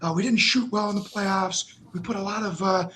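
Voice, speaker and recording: A man's voice: high-pitched, steady tone, moderate pace, background noise. A man from Minnesota ranting profanely and passionately in a casual sports podcast chat, calling in on his phone. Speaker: podcast co-host. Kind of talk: casual sports talk rant.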